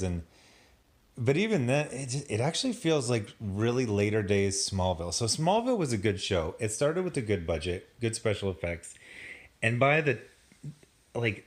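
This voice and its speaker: A man giving a casual, sarcastic review of a TV episode, laughing often as he picks it apart. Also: mid-range voice. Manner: sarcastic, animated, laughs a lot. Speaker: TV show reviewer.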